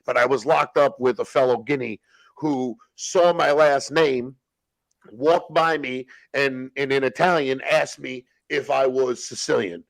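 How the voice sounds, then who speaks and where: A man's voice: mid-range voice, a little slow, creaky, dry recording, rough recording. A man in casual chat, telling stories with lots of swearing and acting out what others said. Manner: profane, storytelling, acts out quotes. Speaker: guest telling prison stories.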